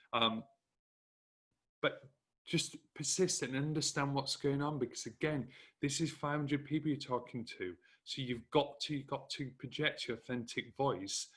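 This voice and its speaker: A man's voice: medium pitch, pushed and bright. A man with a northern English Hull accent giving a direct, encouraging motivational talk to business owners. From northern England. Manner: direct, encouraging, emphatic repetition. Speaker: speaker coaching business owners.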